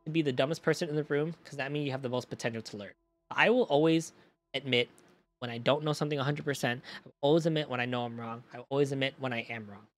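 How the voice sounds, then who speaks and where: A young man streaming in a casual chat, telling stories in an animated way, swearing freely and talking to his chat. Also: medium pitch.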